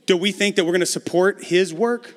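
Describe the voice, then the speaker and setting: Man, pastor, high voice, conversational sermon, repetitive emphasis, long hall reverb. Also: a little fast.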